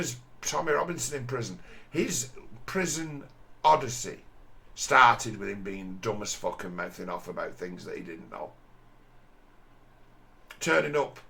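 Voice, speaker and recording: A man's voice: medium pitch, vocal fry, bright, forceful tone. A man giving a crude, scornful commentary over a video, often mimicking the people he mocks.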